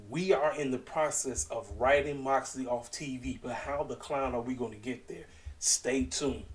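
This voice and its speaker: A man giving a casual, animated recap at home, talking straight to his audience. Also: mid-range voice, recorded from a distance, poor audio. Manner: animated, talks straight to the audience, keeps calling out "ladies and gentlemen". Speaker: wrestling show reviewer.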